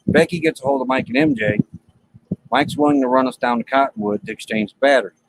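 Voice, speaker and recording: A fast-talking man with a medium-pitched voice and vocal fry hosts a live stream from his RV. Telling a story to chat in plain, colloquial speech, he gets animated and acts out the dialogue. The recording is low quality.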